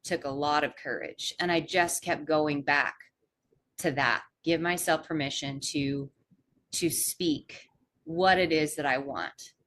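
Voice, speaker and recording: A woman's voice: deep voice, slow pace, fairly bright tone. A woman coach hosting a podcast, talking in a reflective, earnest way. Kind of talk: casual podcast conversation.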